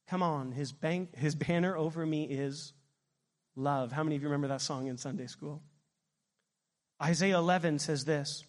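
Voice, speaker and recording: A middle-aged man preaching a sermon as pastor, animated and asking his congregation questions. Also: fairly high pitch, unhurried, in a large hall.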